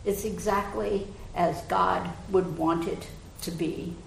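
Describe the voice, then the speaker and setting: A woman preacher gives voice to a kindly old priest who speaks low in volume and soothingly, never hurrying. His quiet words ring softly in an echoey church. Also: fairly even intonation, slow, vocal fry, a little hiss or hum, full character voice. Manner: hushed, soothing. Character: kindly old male priest, calm and patient. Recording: echoey room.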